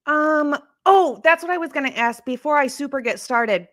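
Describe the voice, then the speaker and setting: A woman's voice: high-pitched, lively intonation, moderate pace, few pauses, a bit bright, no echo, studio quality. A woman hosting a casual true crime livestream, chatting in a rambling way and answering comments from her live chat. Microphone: streaming setup.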